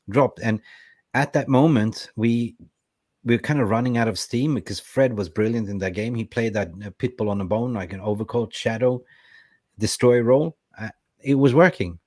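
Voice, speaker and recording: Lively man reading fan chat aloud. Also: on the low side, normal speed, dry recording, studio quality. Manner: lively, reads viewer comments aloud. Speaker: co-host reading live chat. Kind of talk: casual football fan chat.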